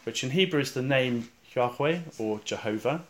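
A male preacher leads a sermon-style guided meditation at medium pitch, calm and reflective. He takes his time with slow pauses and drops to a soft hush on recited and repeated verses.

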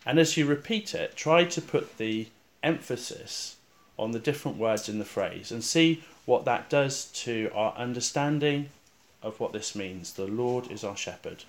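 Male preacher, sermon-style guided meditation, calm and reflective, unhurried with pauses, hushed on recited verses. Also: medium pitch. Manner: calm and reflective, with slow pauses, dropping soft on repeated verses.

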